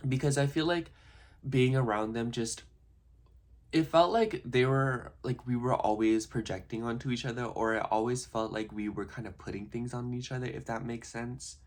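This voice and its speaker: A man's voice: mid-range voice, steady tone, moderate pace. A young man talking in a casual personal vlog, rambling and reflective, full of "like" and restarts. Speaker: vlogger.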